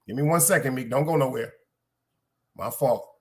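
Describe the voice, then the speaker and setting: A man's voice: mid-range voice, normal speed, darkish tone. A man from Brooklyn with a Brooklyn accent, hosting a live podcast stream in casual, profane, rambling chat aimed straight at his viewers. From Brooklyn, New York.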